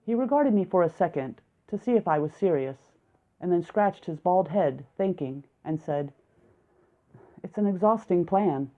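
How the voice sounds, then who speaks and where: A woman with a lowish voice reads a first-person story aloud, steady and reflective. The recording is narrow and tinny, like a phone line. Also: normal speed. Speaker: audiobook narrator. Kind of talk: audiobook narration of a first-person male narrator.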